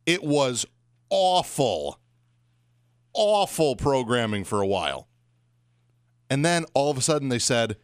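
A man's voice: medium pitch, very animated, a little slow, pauses often, clear, resonant tone, no echo, studio quality. A man co-hosting a wrestling podcast in casual chat, opinionated and wry. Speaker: podcast co-host.

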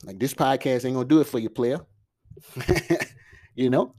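A man hosting his own podcast alone, talking fast and loosely with slang, fillers and restarts. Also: medium pitch, dark tone. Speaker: podcast host. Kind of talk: casual solo podcast monologue. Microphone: podcast microphone.

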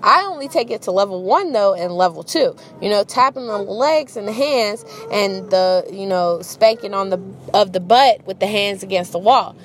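A woman's voice: medium pitch, normal speed, few pauses, slight background noise. A young adult woman telling a casual, profane story about her childhood and parenting, acting out voices as she goes. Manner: animated, profane, acts out voices.

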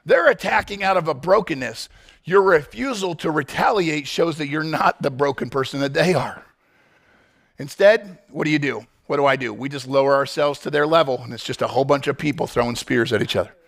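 A male pastor delivering a sermon, acting out quick scenes as he speaks. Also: on the high side. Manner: animated, acts out quick scenes and voices. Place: church.

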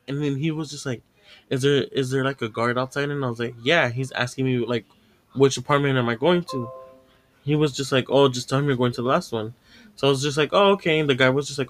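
With a mid-range, fairly bright voice at a moderate pace, a man hosting a podcast recounts a long story in relaxed conversation. He curses freely, laughs, and acts out what others said.

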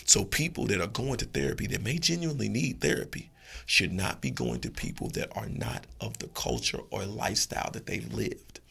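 A man giving blunt, profane, animated opinions as a guest in a casual podcast chat. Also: on the low side, brisk, creaky, slightly rough.

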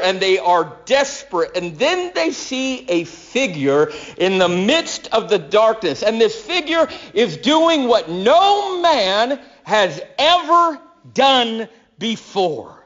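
A man preaching a sermon, storytelling dramatically and swinging from loud declarations to hushed tones. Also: very high voice, sing-song, takes it slowly, lo-fi sound.

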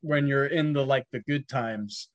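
A man's voice: mid-range voice, unhurried, dull audio. A man co-hosting a podcast who laughs often and swears casually while he talks through a film. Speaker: podcast co-host.

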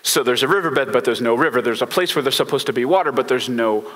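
Chatty pastor with a bright voice. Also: male voice, mid-range voice, fast, long reverb tail. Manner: relaxed, chatty, many fillers, informal slang. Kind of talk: casual conversational sermon.

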